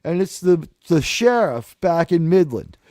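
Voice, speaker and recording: Guy with a high voice rambling and cussing, dry close sound. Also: sing-song, a little slow, warm tone, dry recording. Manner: rambling, profane, sarcastic. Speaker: talk show host. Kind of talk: casual live commentary.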